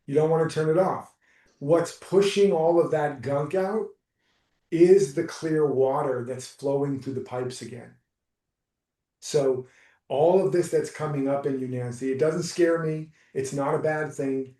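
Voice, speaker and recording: Mellow-voiced male coach, roomy and distant. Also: a little high. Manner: soft, reassuring, unhurried. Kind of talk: live coaching session.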